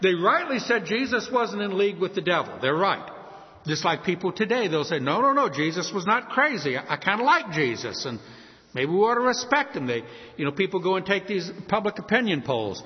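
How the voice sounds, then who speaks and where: A man preaching a sermon as pastor, lively, often acting out the voices of the people he quotes. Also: sits high, brisk, big-room sound, muffled recording.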